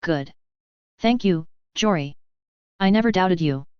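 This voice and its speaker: A woman's voice: fairly low pitch, lively intonation, slow pace, a little mellow, clear, resonant tone, dry recording. A woman reading the lines of a weary, dryly wry male warrior in a fan fiction story. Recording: slightly dull, dry lo-fi recording.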